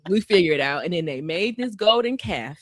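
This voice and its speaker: A woman's voice: fairly low pitch, lively intonation, fairly quick. A woman co-hosting a faith podcast, retelling a Bible story in loose, slangy paraphrase and often repeating and restarting her lines. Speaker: podcast co-host. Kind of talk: casual faith podcast chat.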